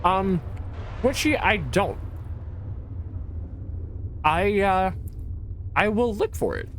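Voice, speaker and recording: A woman's voice: mid-range voice, very animated, extremely slow. A woman livestreaming a game who talks loosely and profanely, stumbling through fillers and restarts as she answers chat. Her casual chatter runs between reactions to what happens on screen, with faint noise in the background. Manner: rambling, profane, full of fillers and laughs. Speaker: game streamer.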